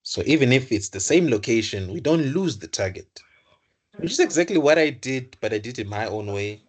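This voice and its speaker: A man's voice: medium pitch, very animated, moderate pace. A young man tutoring computer science, explaining code aloud, often correcting himself and repeating words. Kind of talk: live coding lesson.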